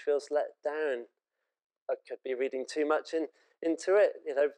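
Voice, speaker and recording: A man's voice: a little high, steady tone, moderate pace, darkish tone, clean tone, rough recording. A British man preaching a sermon in an earnest, conversational and emotive way.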